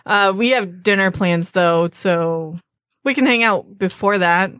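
A woman playing a tabletop game in character, hesitant, relaxed and casually swearing. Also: fairly low pitch, measured pace, clean tone, dry recording, clean studio sound. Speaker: player.

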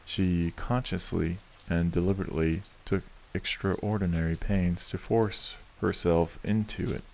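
A man narrates a classic novel in a very deep voice. His reading is slow and measured, steady from line to line. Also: gravelly, slight background noise. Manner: measured, unhurried storytelling. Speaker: audiobook narrator.

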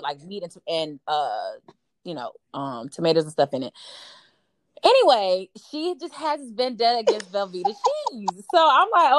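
A woman's voice: mid-range voice, no room sound. A woman telling a story in casual chat, acting out quoted dialogue with lots of fillers. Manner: animated, acts out quoted dialogue, frequent fillers.

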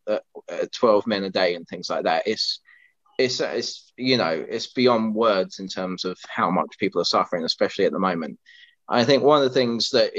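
A man co-hosting a podcast, speaking earnestly and rambling through his points with frequent restarts. His voice sits on the low side, and the recording is dull and lo-fi. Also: fairly bright tone. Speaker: podcast co-host. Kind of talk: casual podcast chat.

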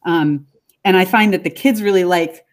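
A woman's voice: on the low side, normal speed. A woman who conducts choirs and teaches music, talking enthusiastically in a casual podcast interview. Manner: enthusiastic, chatty, hums and sings little phrases.

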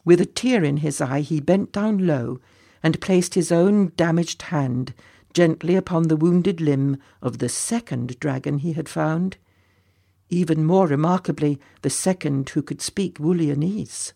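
A man reading a story aloud as narrator in a measured, expressive way. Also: on the high side, vocal fry.

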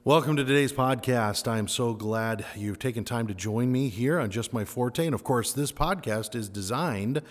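A man's voice: medium pitch, normal speed, few pauses, faint music behind. A man hosting a podcast interview at a camp, friendly and eager, with lots of affirming interjections. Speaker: podcast host. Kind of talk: casual interview chat. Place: indoors at a summer camp. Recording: roomy echo with long reverb.

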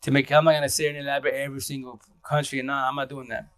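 A man's voice: medium pitch, level tone, racing, a bit bright, no room sound. A man from Eastern Washington chatting casually on a livestream, rambling in slang, laughing often and greeting viewers by name. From Eastern Washington, USA. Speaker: livestream host.

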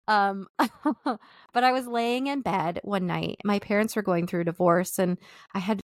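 A woman hosting a podcast, telling a personal story in a soft, reflective, confessional way with thoughtful pauses. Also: on the low side, gravelly, no room sound, studio quality. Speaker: podcast host.

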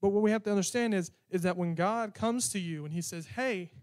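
A man's voice: high-pitched, quick pace, darkish tone, smooth, dry recording, studio quality. A man giving a casual, conversational sermon with a sarcastic, chatty manner. He often repeats words as he thinks. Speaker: preacher.

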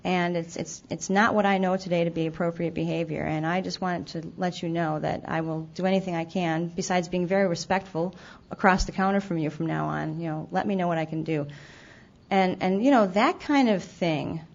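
In a dull, lo-fi event recording, a woman with a lowish, creaky voice speaks fairly quickly as she shares her recovery story. Her personal testimony is candid and self-deprecating, with occasional stumbles and restarts, and she acts out things she used to say.

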